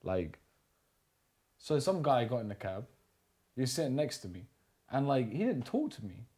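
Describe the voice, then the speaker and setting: A man's voice: medium pitch, sing-song, moderate pace, darkish tone. Rambling man, swears casually. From England. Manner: rambling, swears casually, laughs at own stories. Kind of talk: casual storytelling chat.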